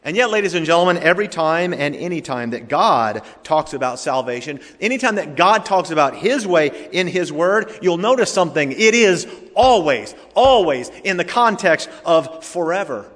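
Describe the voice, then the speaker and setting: A man's voice: fairly high pitch, fairly bright tone. A male pastor preaching an emphatic sermon, speaking directly to his congregation. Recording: reverberant hall.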